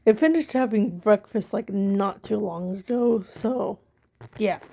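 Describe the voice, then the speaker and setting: Woman rambling thru a fan story idea, slow and gravelly, kinda mellow. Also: mid-range voice. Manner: rambling, self-amused, many fillers. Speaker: amateur story writer. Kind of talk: casual storytelling monologue.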